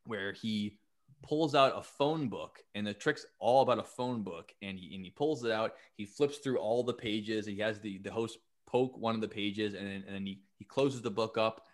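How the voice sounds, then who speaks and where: A man hosting a podcast, chatting casually and excitably, and swearing freely. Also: on the low side, normal speed. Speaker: podcast host. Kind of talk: casual chat.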